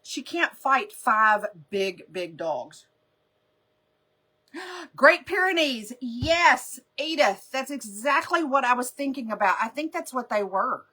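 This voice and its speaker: A woman's voice: high-pitched, sing-song, slow, bright, forceful tone. A woman hosting a live makeup stream, chatting casually and rambling through stories with frequent laughter. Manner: rambling, chatty storyteller who laughs often.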